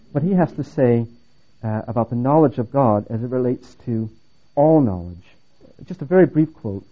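Earnest man lecturing on a lo-fi recording. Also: mid-range voice. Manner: earnest, emphatic, with restarts and dry humor. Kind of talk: theology lecture. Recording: phone-like narrow band.

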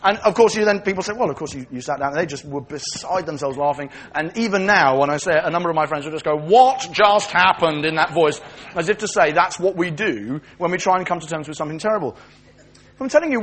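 A man's voice: sits high, slight background noise. A man preaching a sermon, telling stories and acting out the voices of the people he quotes.

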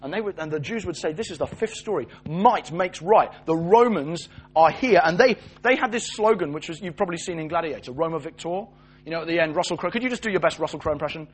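A British man giving a lively sermon, jokey and animated, acting out voices as he tells the story. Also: fairly high pitch, fast, breathy edge. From Britain. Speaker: preacher.

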